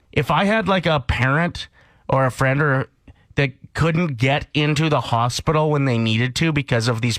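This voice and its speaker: A man's voice: fairly high pitch, dry recording. A man from Canada co-hosting a morning radio show, ranting and telling stories in casual chat. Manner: animated, ranting and storytelling.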